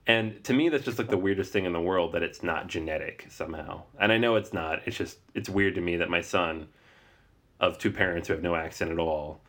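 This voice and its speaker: Deep-voiced laid-back podcast host. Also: male voice, fairly quick. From Seattle, US Pacific Northwest. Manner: relaxed, laughs often, rambling asides. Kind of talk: casual podcast chat. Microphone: remote call recording.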